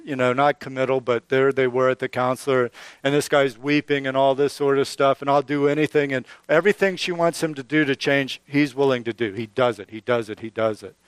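A man's voice: medium pitch, clean tone, no room sound. A middle-aged man preaching a sermon as pastor, earnest and conversational, often restarting and building emphasis.

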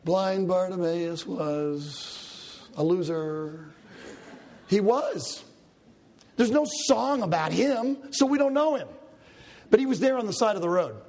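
A man preaching a sermon as a pastor, telling Bible stories with animated delivery and acting out the characters' lines. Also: sits high, slow, pauses often.

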